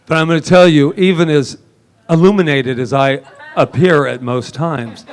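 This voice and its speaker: A man preaching a lively sermon in a church service, joking and laughing often with the congregation. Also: a little high. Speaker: minister.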